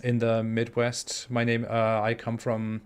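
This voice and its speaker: A man in his twenties with a German accent, hosting a live stream and reading out viewer super chats, talking in a halting way with many fillers and restarts. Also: medium pitch, completely flat delivery, clear, resonant tone. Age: 20s. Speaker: livestream host. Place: home in the US Midwest.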